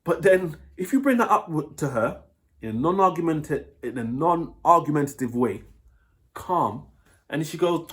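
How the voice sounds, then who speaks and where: A man's voice: fairly high pitch, lively intonation, normal speed, fairly bright tone. A man with a British accent, giving blunt dating advice in a casual monologue, swearing freely and checking in with his listener.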